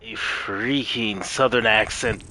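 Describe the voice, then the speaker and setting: A man's voice: fairly low pitch, fairly even intonation, slow pace, bright, forceful tone, faint music behind. A man streaming live gameplay who reacts in a sassy, outspoken way. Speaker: game streamer.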